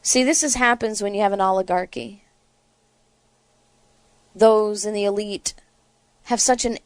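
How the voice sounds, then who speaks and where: A woman's voice: fairly high pitch, a little mellow, dry recording. A woman hosting a political talk show, delivering sarcastic, indignant commentary.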